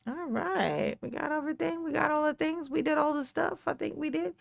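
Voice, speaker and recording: A woman's voice: high-pitched, fairly quick, gravelly. A woman hosting a casual livestream, playfully greeting chat viewers by name and breaking into bits of song. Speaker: livestream host.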